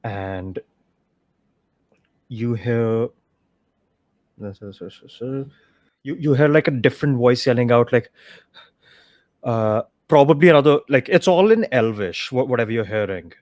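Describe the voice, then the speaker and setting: Male dungeon master, slow and casual, dry close sound. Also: medium pitch, animated, darkish tone, dry recording. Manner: casual, loose, many filler words. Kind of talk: narrating a tabletop game.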